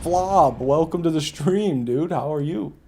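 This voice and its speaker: A man's voice: fairly high pitch, unhurried, warm tone, slightly rough. A man streaming a video game live, chatting with viewers in a casual, profane, joking way and laughing at his own jokes. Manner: chats with viewers while playing. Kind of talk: casual live gameplay commentary.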